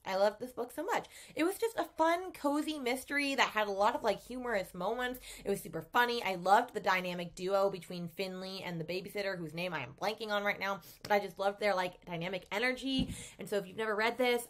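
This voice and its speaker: A woman vlogger chatting casually about books she read, gushing with lots of fillers and sudden animated outbursts. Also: mid-range voice, fairly quick. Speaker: book vlogger. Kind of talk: casual book review chat.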